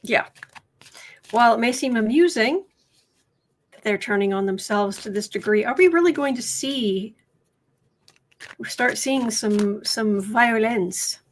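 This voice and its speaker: Hosting a tarot-and-politics livestream, this woman from the United States talks informally with her audience, her slightly high voice often halting and restarting while she works through her thoughts. There's a faint hiss or hum in the audio.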